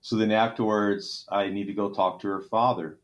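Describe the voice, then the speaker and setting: A middle-aged man from Texas with a Texan accent, a trauma surgeon telling an emotional story in an interview, earnest and halting with restarts. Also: fairly low pitch, flat delivery, dull audio.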